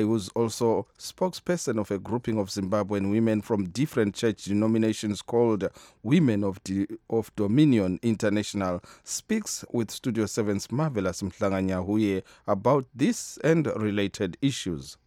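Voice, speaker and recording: A man reading the radio news and introducing an interview, formal and measured. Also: lowish voice, mellow, no room sound, clean studio sound. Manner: measured, formal, occasional "uh" before a segment.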